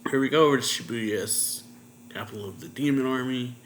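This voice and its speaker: A man's voice: medium pitch, fairly quick, slight background noise. A man casually recapping a manga chapter as a reviewer, retelling scenes with "and then he's like" and chuckling often.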